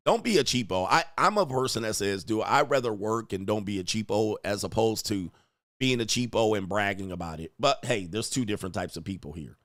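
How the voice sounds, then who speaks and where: A man's voice: lowish voice, lively intonation, fairly quick, a bit bright, no echo, studio quality. A man hosting reaction commentary on video clips, crude, joking and rambling.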